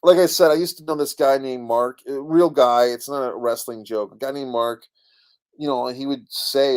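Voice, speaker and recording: A man's voice: mid-range voice, moderate pace, clear, resonant tone. A middle-aged man hosting a casual live stream, rambling about a comedy special and reading viewers' comments aloud. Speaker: online show host reading chat comments.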